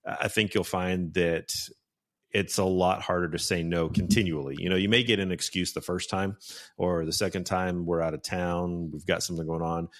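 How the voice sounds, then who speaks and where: A man's voice: low voice, steady tone, moderate pace. A man hosting a podcast, earnestly giving practical advice in a casual conversation. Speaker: podcast host.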